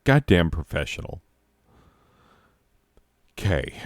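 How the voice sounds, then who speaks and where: A man tells a comic story with deadpan timing and a lot of swearing, and often breaks off to mock himself. His voice is very deep and unhurried. The recording is dry and close. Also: no room sound. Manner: deadpan, profane, self-mocking rants. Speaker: comedic narrator. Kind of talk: profane comedic storytelling.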